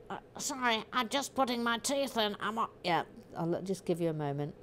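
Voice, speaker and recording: A woman's voice: mid-range voice, expressive, fairly quick, few pauses, a bit bright, a little hiss or hum. Chatty, jokey woman, stream host reading out viewer comments mid-build. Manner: chatty, jokey, self-interrupting. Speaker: livestream host building a brick set. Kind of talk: casual chat while reading viewer comments.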